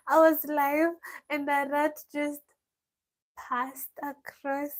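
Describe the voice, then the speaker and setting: High-pitched, slow-talking woman vlogger. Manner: reads questions aloud then answers, laughs often. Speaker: vlogger answering viewer questions. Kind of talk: casual live-stream Q&A. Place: village home.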